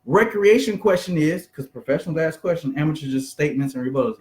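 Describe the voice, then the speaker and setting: A man giving an energetic, conversational motivational business talk, acting out bits of small talk. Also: on the high side, fast talker, reverberant. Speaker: business coach.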